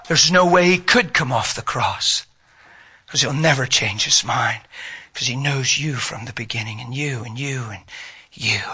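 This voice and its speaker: A man preaching an emotional sermon, swinging from loud exclamations to near whispers. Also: medium pitch, measured pace, slightly rough. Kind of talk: impassioned sermon.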